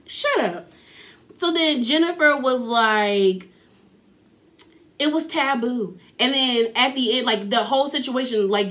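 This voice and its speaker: Woman host, slightly high voice, sassy animated recap monologue. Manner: animated, sassy, acts out quotes in her own voice.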